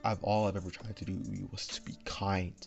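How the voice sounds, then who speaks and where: A man voicing a cold, embittered teenage boy hero in a fan story, speaking flatly and coldly. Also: low-pitched, moderate pace, vocal fry, over music. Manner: flat and cold.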